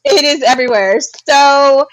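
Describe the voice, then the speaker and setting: Woman, podcast co-host, casual chat, swears a lot, animated, high-ish voice. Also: moderate pace, crowd noise, low-quality recording. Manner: animated, profane storytelling with frequent laughs. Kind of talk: casual pop culture chat.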